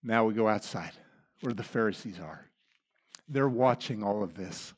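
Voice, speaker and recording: A man preaching a sermon, dramatic in delivery, acting out the voices he quotes and swinging from loud to hushed. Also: fairly low pitch, moderate pace, slightly rough.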